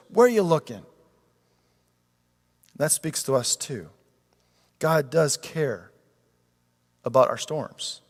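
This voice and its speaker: A man preaching a sermon as pastor, animated and conversational, acting out pleas with a rising voice. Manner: animated, acts out quoted pleas with rising pitch. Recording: long reverb of a large hall.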